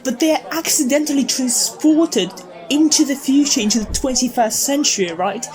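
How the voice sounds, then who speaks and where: A woman's voice: sits high, normal speed, darkish tone, close to an everyday voice. A young woman playing a scatterbrained theatregoer in a comic sketch, rambling and tripping over her words. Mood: excited.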